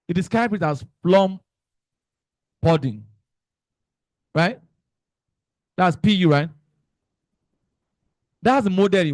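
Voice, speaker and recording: Young Nigerian man, high voice, chemistry teacher, playful, drills students with questions. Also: no echo. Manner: animated, joking, quizzing students with fill-in questions. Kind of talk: exam revision lesson.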